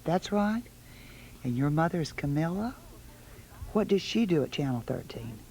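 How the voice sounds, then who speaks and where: A woman's voice: low-pitched, lively intonation, moderate pace, warm tone, poor audio. A woman hosting a holiday television show in a studio, coaxing small children with sing-song questions. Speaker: television host.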